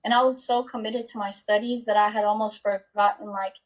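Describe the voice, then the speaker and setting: A woman's voice: medium pitch, steady tone, brisk, poor audio. A woman in her twenties sits as a guest in an interview and recounts her story in an easy, conversational way. She fills her sentences with likes and ums as she talks. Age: 20s. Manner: chatty, with many likes and ums.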